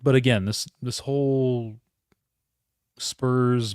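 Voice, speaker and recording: A man's voice: mid-range voice, extremely slow, smooth, no echo, clean studio sound. A man hosting a live solo sports reaction stream, rambling, interrupting himself and talking to his chat. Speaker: podcast host.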